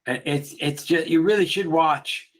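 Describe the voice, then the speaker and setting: A man's voice: a little high, measured pace. A man co-hosting a casual chat who rambles through a comedy retelling, laughing often and acting out the lines. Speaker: podcast co-host.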